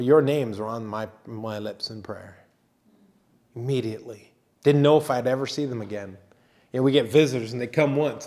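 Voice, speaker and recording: A man preaching a sermon as pastor, talking in a conversational, halting way with restarts and teasing asides. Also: mid-range voice. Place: church sanctuary.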